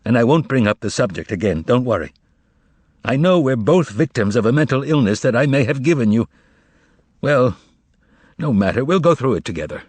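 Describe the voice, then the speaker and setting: A man reading aloud, voicing a weary, troubled male writer who speaks quietly and firmly. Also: mid-range voice, lively intonation, fairly quick, pauses often, husky, no room sound.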